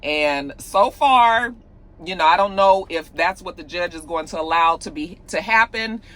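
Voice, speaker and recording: A woman hosting a casual celebrity gossip chat, talking straight to her viewers in a chatty, animated way. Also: fairly low pitch, a little slow.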